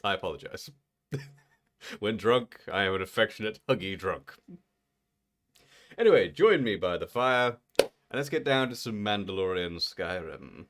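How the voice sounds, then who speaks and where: A man in his thirties hosting a live game stream, chatting playfully and laughing often. His voice sits low, and he talks with a lot of swing in his pitch. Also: animated, moderate pace, long pauses, a bit bright, a little hiss or hum. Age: 30s. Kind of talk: casual live-stream chat while gaming.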